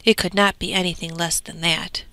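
A woman's voice: lowish voice, steady tone, moderate pace, bright, forceful tone, dry recording. A woman voicing the old mother of the winds, stern and scolding. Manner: scolding, firm.

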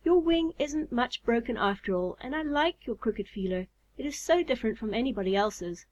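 A woman reading as a gentle young lady moth. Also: a little high, lively intonation, moderate pace, highs cut off. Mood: tender. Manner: earnest and pleading.

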